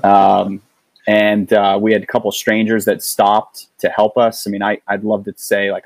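A middle-aged man telling a personal story in casual conversation, earnest and halting, often restarting his sentences. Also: fairly low pitch, monotone, no echo, rough recording. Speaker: guest.

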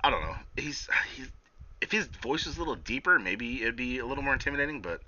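A young man hosting a casual recap show, tired and yawning, swearing often and excitedly acting out what others said. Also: mid-range voice, fast, a little hiss or hum. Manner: profane, excitable, acts out quotes. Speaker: podcast host. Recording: dull lo-fi sound.

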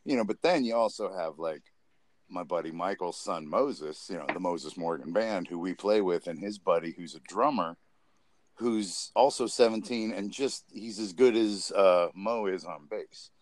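A man's voice: deep voice, normal speed. A man co-hosting a podcast, telling a rambling story with frequent laughs in a casual chat. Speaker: podcast co-host.

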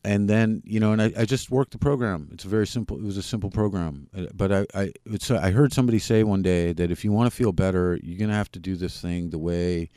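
A man, a podcast guest, candidly telling his personal recovery story in a plain-spoken, halting way with frequent restarts. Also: deep voice, dark tone, clear, resonant tone, dry recording, studio quality.

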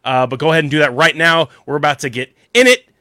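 A man's voice: fairly high pitch, sing-song, fast talker, sharp tone, no echo, clean studio sound. A man co-hosting a casual podcast, upbeat and talking like a hype man. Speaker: podcast co-host. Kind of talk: casual chat.

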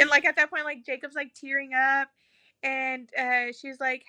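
A woman's voice: sits high, flat delivery, normal speed, pushed and bright, no room sound. A young woman casually telling her birth story, chatty and full of "like", acting out what people said. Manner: chatty, heavy use of "like", acts out quoted lines. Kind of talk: casual chat.

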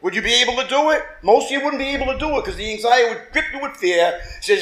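A man preaching a lively sermon as pastor, acting out quotes and calling for amens from the congregation. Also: extremely high pitch, fast. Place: church. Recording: echoey church room.

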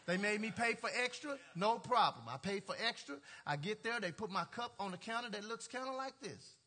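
A male pastor with a very high, bright and piercing voice preaches in a lively, storytelling way. He laughs often and throws casual asides to his congregation. His speech is loose and colloquial, full of "y'all" and "ain't". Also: a little fast. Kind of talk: storytelling sermon.

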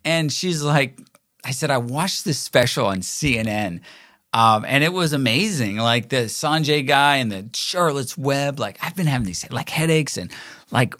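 Middle-aged guy rambling thru a story, lots of likes and ums, does little voices for people, mid pitch, dry close sound. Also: lively intonation, normal speed, a bit bright, dry recording. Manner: rambling, filler-heavy, acts out quoted voices. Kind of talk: casual anecdotal storytelling.

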